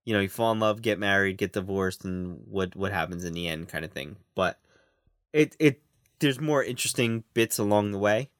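A man co-hosts a casual podcast, talking through episodes in a hesitant, stumbling way. His voice is fairly low, and the recording is dry and close. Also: moderate pace, a bit bright, no room sound. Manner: hesitant, stumbling over words. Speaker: podcast co-host. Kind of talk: casual podcast show review.

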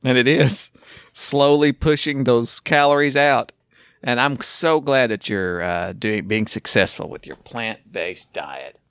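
A man's voice: medium pitch, unhurried, fairly bright tone, clear, resonant tone, dry recording, clean studio sound. A man co-hosting a podcast, joking and teasing through casual banter and laughing often. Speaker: podcast co-host.

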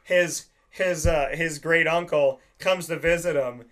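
A man's voice: a little high, a little slow. A young man hosting a casual chat, rambling through stories and acting out the lines he quotes. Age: young adult. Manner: rambling, animated storyteller who acts out quoted lines.

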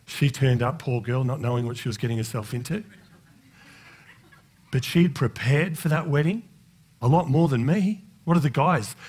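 A male pastor preaches a sermon, joking conversationally and addressing the congregation directly. As he goes on, he builds into impassioned preaching at a high pitch.

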